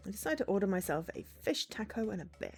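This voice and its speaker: A woman streamer reading a story game aloud in an expressive, musing way, breaking off for quick asides. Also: medium pitch, slightly rough, faint music behind.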